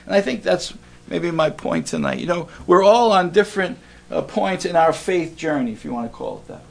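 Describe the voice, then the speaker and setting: Male preacher, slightly high gravelly voice, chatty sermon delivery with questions. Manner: conversational, asks the congregation questions.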